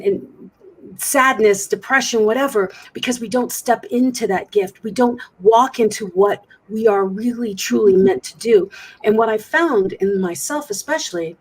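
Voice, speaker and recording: Woman, motivational coach, interview guest, husky, earnest, reflective, remote call. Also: medium pitch, low-quality recording. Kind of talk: interview guest, personal story.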